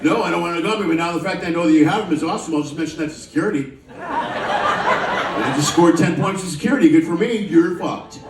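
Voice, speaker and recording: A slightly high-voiced man talks fast in an echoey room, far from the mic, with heavy background noise and audience laughter. He's doing loose, profane stand-up in a cruise ship show lounge, teasing the live crowd between jokes.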